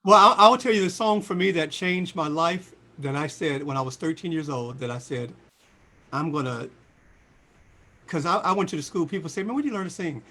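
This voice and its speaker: An older man in his sixties tells anecdotes as an interview guest. His voice sits fairly high, bright and forceful. He acts out quotes with sudden high jumps. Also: a little fast. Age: 60s. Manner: lively storyteller, voices quotes with big pitch jumps. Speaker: singer and guest. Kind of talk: animated storytelling interview.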